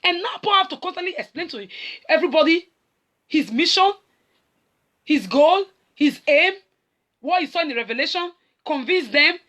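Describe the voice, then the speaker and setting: A middle-aged Nigerian woman preaches with a high voice. Her pitch rises and falls a great deal. She slips between Pidgin and English and acts out the voices in the scripture as she goes. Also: lively intonation, moderate pace, pauses often, fairly bright tone. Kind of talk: sermon.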